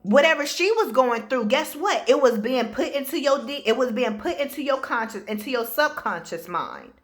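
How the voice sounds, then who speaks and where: A woman's voice: high-pitched, lively intonation, normal speed. A woman speaking as a spiritual life coach, giving a casual motivational talk in a blunt, emphatic way, addressing the listener directly.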